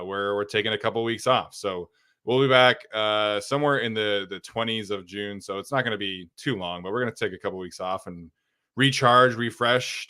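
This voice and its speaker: A man's voice: on the low side, bright, forceful tone, smooth. A young man hosting a sports podcast, chatting casually and energetically with plenty of fillers. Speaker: podcast host.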